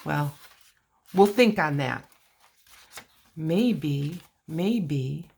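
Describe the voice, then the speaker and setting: A woman's voice: low voice, lively intonation, very slow, gravelly, a little mellow, husky. A woman hosting a casual crafting video, chatting and talking to herself while she works on a journal.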